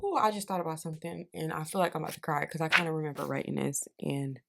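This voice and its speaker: A young woman, a podcast host and beauty creator, reads her old journal entries aloud, holding back tears. She sounds nasal and slides into slow, prayer-like affirmations. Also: low voice, vocal fry, sharp tone. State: teary, on the verge of crying.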